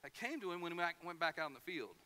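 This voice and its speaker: A pastor preaches a sermon, animatedly telling stories and acting out the people in them with quoted lines. His voice is a little high and he talks fast.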